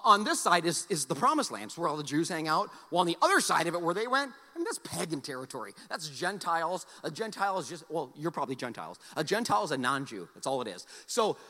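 Lively, bright-voiced preacher in a reverberant church. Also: male voice, a little high, fast. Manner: conversational, joking, repeats words as he restarts. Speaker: pastor. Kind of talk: sermon.

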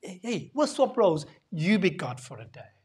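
A woman preacher voicing God as a patient, coaxing man, speaking lower and softer than her usual voice. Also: sing-song, moderate pace, slightly rough, exaggerated voice. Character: patient pleading male God figure.

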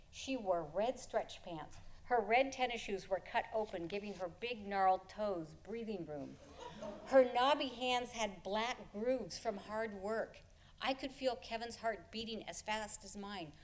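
A woman telling a personal story before an audience, expressive and often chuckling as she tells it. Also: mid-range voice, a little slow.

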